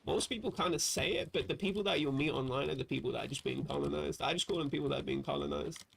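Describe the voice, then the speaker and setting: Gravelly, profane man on stream. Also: on the high side, sing-song, fast, fairly bright tone, slight background noise. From southern England. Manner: profane, chatty, reads chat aloud. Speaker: livestream host. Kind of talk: casual chat with chat readers.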